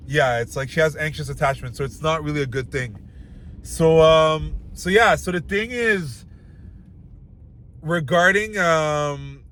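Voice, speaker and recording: Blunt, casual man with a slightly high voice. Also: fairly bright tone. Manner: loose and blunt, heavy filler words, talks straight to the viewer. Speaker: dating advice host. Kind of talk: casual advice talk to camera.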